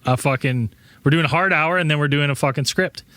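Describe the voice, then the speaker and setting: A man co-hosting a podcast, bantering quickly with profane jokes in casual chat. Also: on the high side, pushed and bright, no echo. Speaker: podcast co-host.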